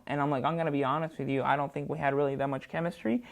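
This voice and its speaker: Woman, comedian guest, storytelling, lowish voice, acts out both sides, jumpy delivery. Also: racing, vocal fry. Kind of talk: animated anecdote storytelling. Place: studio.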